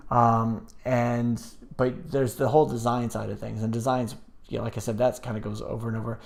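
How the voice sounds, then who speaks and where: A man's voice: medium pitch, little pitch movement, brisk, vocal fry. A man hosting a live stream, chatting casually and reading viewer comments aloud, rambling with many fillers and restarts.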